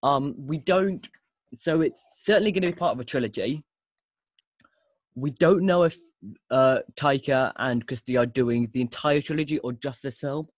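A man hosts a casual podcast, talking with enthusiasm and often restarting his sentences. His voice sits at a middling pitch. The recording is dry and close. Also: normal speed, no room sound. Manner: enthusiastic, rambling, with frequent restarts. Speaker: podcast host.

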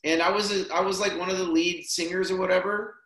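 A man's voice: high voice, quick pace. A man telling a personal story in casual, rambling conversation, tossing in "man" and "dude" as he goes. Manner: relaxed, rambling, peppers speech with "man" and "dude". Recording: roomy echo.

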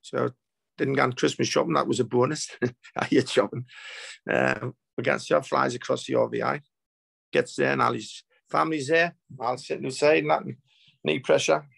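A man's voice: mid-range voice, normal speed, a bit bright, no room sound, poor audio. A man, a healer telling a story as the guest, rambling with repeats and broken restarts. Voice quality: gravelly. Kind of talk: emotional storytelling.

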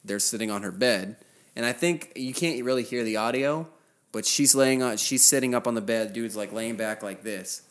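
A man co-hosting a podcast, telling a story in animated, slangy casual chat. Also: medium pitch, moderate pace. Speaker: podcast co-host.

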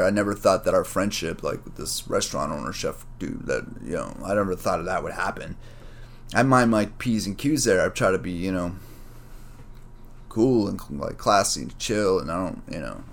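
A man's voice: sits low, creaky. A man telling a personal story in a rambling, profane monologue full of slang. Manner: rambling, profane, streetwise slang, says "man" and "bro" a lot; reflective, gets worked up retelling a conflict.

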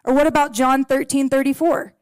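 High-voiced woman preaching a sermon. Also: level tone, fairly quick, dry recording. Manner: earnest, storytelling, prays softly. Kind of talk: sermon to a congregation. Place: in a room with a gathered audience.

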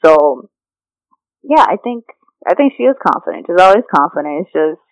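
A woman's voice: on the low side, very animated, moderate pace, dry recording, highs cut off. A woman talking through her life as a coaching client, rambling and reflective, with many fillers and restarts. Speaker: coaching client and podcast guest. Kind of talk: casual reflective talk.

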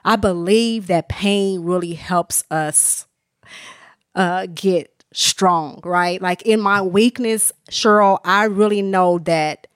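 A woman tells her faith story on a podcast, earnest and open and often close to tears. She talks in loose, conversational bursts full of restarts and "you know." Her voice sits at a middle pitch and sounds dry and close to the mic. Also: takes it slowly, no room sound. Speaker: author and minister, podcast guest. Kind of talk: candid personal testimony in conversation.

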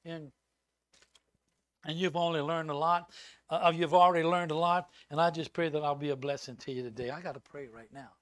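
An older man, a visiting preacher, giving a sermon full of personal stories and acting out quoted lines loudly. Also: fairly high pitch, brisk, no room sound. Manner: animated storyteller who acts out loud quoted lines.

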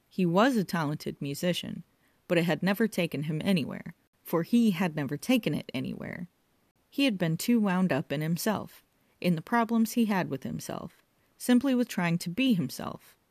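A woman reading a novel aloud as narrator, wry and measured. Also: on the low side, animated, a little mellow, no room sound. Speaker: audiobook narrator. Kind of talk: scripted narration.

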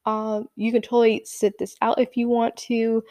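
A woman acting out a calm, reassuring male martial arts instructor in a patient, soothing way. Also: fairly high pitch, normal speed, no echo, close to an everyday voice.

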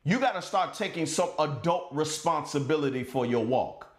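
A male pastor preaching a sermon with passion, his voice swinging from loud shouts down to low, quiet stretches. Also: lively intonation, moderate pace, roomy sound. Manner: impassioned preaching, rising to shouts and dropping low.

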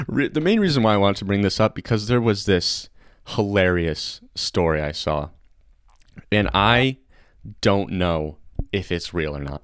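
A young man hosting a casual comedy podcast, chatty and excitable, laughing often. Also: lowish voice, no room sound. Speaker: podcast host.

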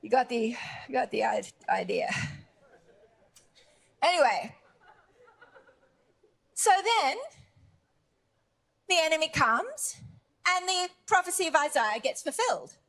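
A woman preaching a sermon, retelling a Bible story in an animated, emphatic way with lots of repetition. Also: high-pitched, takes it slowly, long pauses.

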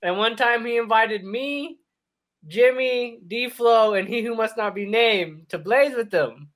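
A man's voice: very high-pitched, slow pace. A young man, a podcast co-host, telling a profane, laughing story among friends. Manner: profane, laughing, animated retelling.

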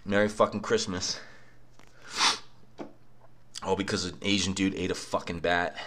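A man's voice: deep voice, level tone, measured pace, fairly bright tone. A young man on a cheap microphone at home in his apartment, ranting casually with a profane, sarcastic edge. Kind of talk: casual rant.

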